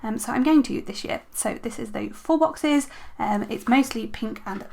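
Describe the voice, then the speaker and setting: A woman's voice: a little high, normal speed, vocal fry, a little mellow, a little hiss or hum. Chatty woman vlogger full of ums. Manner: chatty, frequent ums, self-correcting. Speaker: planner vlogger. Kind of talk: casual show-and-tell chat.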